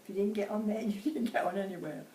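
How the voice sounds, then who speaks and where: A woman's voice: medium pitch, fast talker, warm tone, far from the mic, slight background noise. An elderly woman around eighty with a Cockney accent, chatting and reminiscing in a casual interview, laughing easily. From Bermondsey, London. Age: about 80. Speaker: interviewee, host's mother. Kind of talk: casual chat. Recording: roomy, off-mic with faint ambience.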